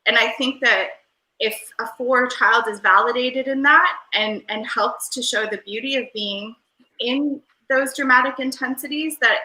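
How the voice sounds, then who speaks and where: A woman on a video call, appearing as a guest in a casual interview, rambles airily in a Valley-girl way, full of fillers. She speaks somewhat slowly in a high-leaning voice that's bright and forceful. There's a noticeable roomy echo.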